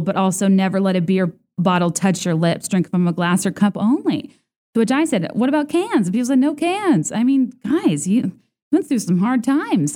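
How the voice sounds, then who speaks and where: A woman hosting a podcast, telling stories in a chatty, sarcastic way, full of filler words and playful mockery. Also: warm tone. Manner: chatty and sarcastic, heavy on "like", mimics others in high voices. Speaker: podcast host. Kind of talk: casual podcast monologue.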